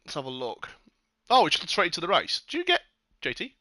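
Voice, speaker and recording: A man commentating a sim race on a casual live stream, excitable, sweary and jokey. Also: on the high side, brisk, dry recording.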